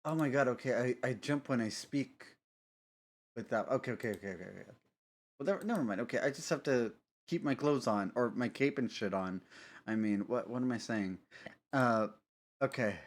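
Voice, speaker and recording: A man with a mid-range voice chats on a live stream at a moderate pace. His talk is casual and rambling, full of giggles, and he often interrupts himself before finishing a sentence.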